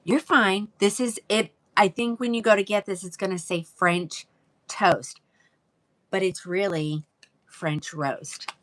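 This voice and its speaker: A woman's voice: mid-range voice, steady tone, moderate pace, hardly any pauses, a bit bright. A woman hosting a live wig sale, chatting casually and greeting viewers by name. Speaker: live-selling wig seller. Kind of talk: casual livestream sales chat.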